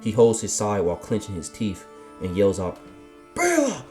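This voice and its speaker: A deep-voiced man narrates a scripted fan story, laying out each move of a fight in steady, blow-by-blow sentences. Loud music runs underneath the whole reading. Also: normal speed. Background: background music.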